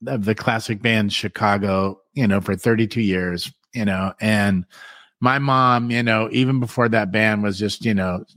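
A man's voice: fairly low pitch, steady tone, moderate pace, a bit bright, dry recording, studio quality. Rambling talk-show host man. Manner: rambling storyteller, keeps saying "man" and "you know". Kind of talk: casual talk show chat.

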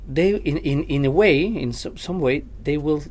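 A man, a vocal coach, chats as a podcast guest. His voice sits a little high for a man. He keeps backing up and restarting his sentences, and stays lively throughout. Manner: halting, many restarts, animated. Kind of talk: casual podcast conversation.

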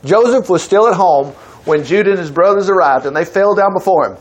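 A man's voice: high voice, lively intonation, quick pace. A man reads a Bible passage aloud and teaches from it, breaking in with chuckling asides. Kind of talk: Bible study reading with commentary.

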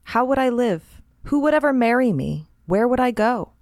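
A woman's voice: on the high side, expressive, normal speed, darkish tone, no room sound, pitched above the performer's own voice. A woman voicing an anxious, fretful housewife who scolds herself, in a dry, close read story.

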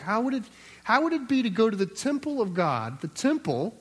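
A man with a high voice preaches through a scripture passage. He keeps it conversational, acts out the voices he quotes and restarts phrases as he thinks aloud. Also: sing-song, brisk, slightly rough. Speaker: pastor. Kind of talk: expository sermon.

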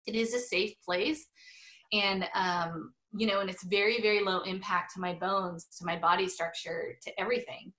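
Bright-voiced chatty middle-aged woman. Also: medium pitch, fairly even intonation, normal speed. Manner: chatty, many fillers, laughs often. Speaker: guest. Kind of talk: casual interview chat.

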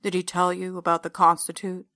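Woman voicing a quiet, brooding older man. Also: lowish voice, completely flat delivery, brisk, no room sound, studio quality. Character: big older man, brooding cult believer and captor.

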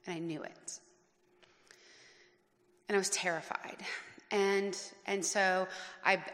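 Woman, storytelling, earnest, bright tense tone, long reverb of a hall. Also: on the low side. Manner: earnest, emotional, speaks in long run-on chains of "and". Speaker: speaker telling her story. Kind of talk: personal storytelling talk.

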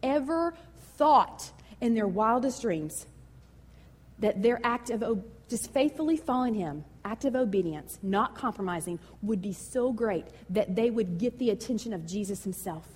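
A woman pastor preaching a sermon in a lively, conversational and emotional way. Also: mid-range voice, moderate pace, slightly rough, big-room sound.

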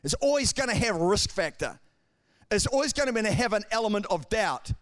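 High-voiced male preacher, fervent delivery. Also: brisk. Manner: preaching with swings between calm and shouted passages. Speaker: pastor. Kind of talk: sermon.

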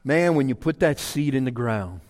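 A man's voice: mid-range voice, animated, normal speed, darkish tone, long reverb tail. A man preaching a sermon in a folksy, emphatic way, repeating his key phrases. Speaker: pastor.

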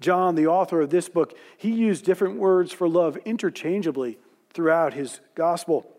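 A man telling a Bible story in a sermon, slowing and softening when he voices quoted lines. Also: fairly high pitch. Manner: storytelling, voicing quoted lines softly and slowly. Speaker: preacher. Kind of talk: sermon narration.

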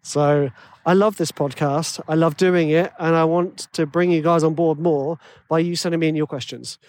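A man's voice: fairly high pitch, fairly even intonation, normal speed, darkish tone, dry recording. A man with a tenor voice hosting a podcast, rambling and self-deprecating in casual chat full of fillers. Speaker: podcast host.

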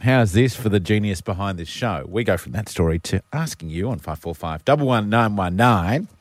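Aussie guy cohosting radio, lowish voice, dry studio sound, deadpan jokes. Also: normal speed, no room sound. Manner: dry joking asides. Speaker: radio co-host. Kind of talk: casual radio banter. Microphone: studio mic.

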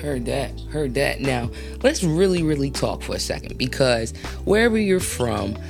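Playful woman host with lively pitch. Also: normal speed, creaky, music in the background. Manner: playful, teasing, heavy slang. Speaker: podcast host. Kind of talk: casual interview chat.

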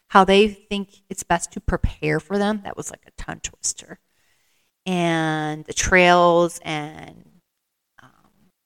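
A woman's voice: fairly low pitch, fairly bright tone, smooth. A woman hosting her own podcast, telling stories in a rambling, candid, self-deprecating way and acting out the people she quotes. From American Midwest. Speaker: podcast host. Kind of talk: casual storytelling monologue.

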